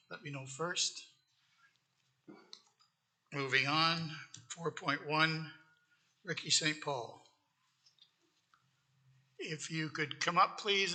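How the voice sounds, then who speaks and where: A man acting as mayor, briskly chairing a council meeting through its procedures. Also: fairly high pitch, bright, forceful tone. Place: council chamber.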